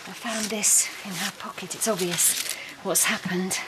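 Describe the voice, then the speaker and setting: A woman's voice: mid-range voice, steady tone, unhurried, heavy background noise, lightly acted. An actress playing a manipulative, spiteful woman in a television soap, talking with sugary menace. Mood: defensive. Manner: sugary menace turning to self-pity. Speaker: Ben's father's scheming partner. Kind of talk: soap opera acting.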